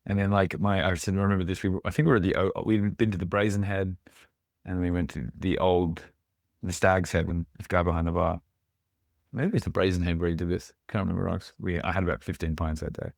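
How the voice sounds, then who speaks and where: Fast-talking deep-voiced man. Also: creaky, dry recording, clean studio sound. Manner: rambling, animated anecdotes with repeated restarts. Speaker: podcast guest, musician. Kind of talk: casual chat.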